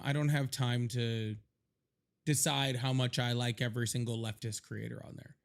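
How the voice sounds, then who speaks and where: Guy running a live political stream, rambly and laughing a lot, normal mid voice. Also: mid-range voice. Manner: loose, rambling, laughs often, reads donations aloud. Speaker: livestream host. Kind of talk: casual livestream chat.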